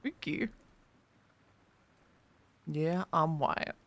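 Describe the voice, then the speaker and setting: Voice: mid-range voice, extremely slow, creaky, dry recording. A young adult streamer chatting playfully with viewers during a live stream, teasing and laughing a lot. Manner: playful, teasing, laughs often, sing-song swings. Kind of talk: casual live-stream chat.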